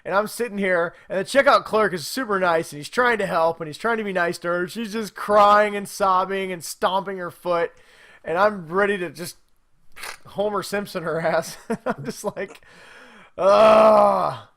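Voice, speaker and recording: A man in his thirties co-hosting a casual podcast, telling animated stories and laughing often. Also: high-pitched, normal speed. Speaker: podcast co-host. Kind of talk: casual chat.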